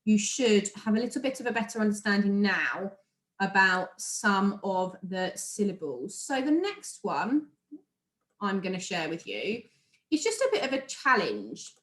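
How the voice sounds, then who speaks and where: A woman's voice: medium pitch, sing-song, a little slow, a bit bright. A woman with a British accent, a primary school teacher recording a remote lesson, speaking encouragingly and sounding out words for young children. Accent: British English. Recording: echoey room.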